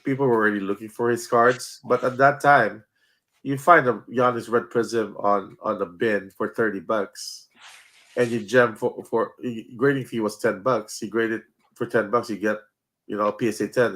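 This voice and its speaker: A man, a guest who organizes a card show, chatting casually and then promoting the event, pausing often with fillers. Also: on the low side, fairly even intonation, fairly bright tone. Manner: halting, many fillers.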